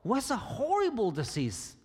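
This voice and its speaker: A man preaching a sermon, slow and emphatic, sometimes rising to loud cries. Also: very high-pitched, wildly swooping pitch, slightly rough. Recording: long reverb in a hall.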